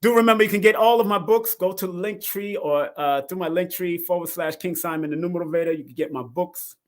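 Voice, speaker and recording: A middle-aged man with a slightly high voice hosts a casual live numerology show. He talks in animated bursts, often laughing, and swings between loud exclamations and quiet asides. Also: a little fast. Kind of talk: casual live-stream talk.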